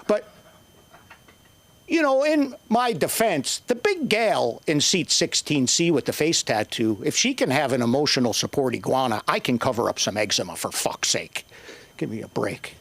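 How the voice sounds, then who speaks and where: An older man doing profane, rambling stand-up comedy at an open mic, with sudden shouted bursts. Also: mid-range voice, sing-song, moderate pace, gravelly, no echo. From Northern Ireland.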